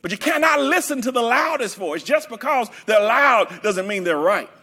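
Male preacher, sermon, emphatic, repetitive, shouting bursts, very high voice, lively pitch. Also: normal speed, husky.

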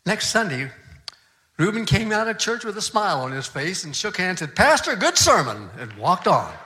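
An older pastor tells a story from the pulpit, lively in some moments and hushed almost to a whisper in others. His voice is bright and forward, sitting a little high for a man. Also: normal speed. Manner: animated storyteller, drops to soft near-whisper in quiet moments. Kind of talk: sermon storytelling.

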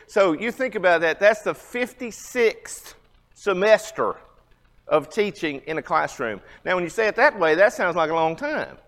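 A man's voice: a little high, a bit bright. A man in his fifties teaching a church Bible class in a conversational way, asking the audience questions. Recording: long hall reverb.

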